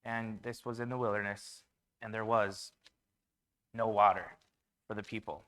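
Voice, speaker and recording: A man's voice: on the low side, steady tone, a little slow, a bit bright. A man preaching a conversational sermon in a church, with fillers and restarts.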